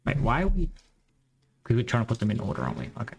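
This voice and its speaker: A man's voice: medium pitch, huge pitch swings, very fast, creaky, poor audio. A man with a Western Australian accent who rambles and thinks aloud while coding on a live stream. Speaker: game developer streamer.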